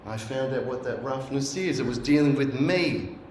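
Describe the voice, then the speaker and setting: A man's voice: mid-range voice, moderate pace. Middle-aged man, sermon storytelling, earnest, echoey church hall, faint room hiss. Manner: earnest storytelling, acts out remembered voices. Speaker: guest speaker. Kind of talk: sermon told as personal story. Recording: roomy echo.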